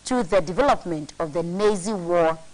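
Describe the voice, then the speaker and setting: A woman's voice: lowish voice, normal speed, darkish tone, poor audio. A woman co-hosting, reading aloud steadily and carefully from a book.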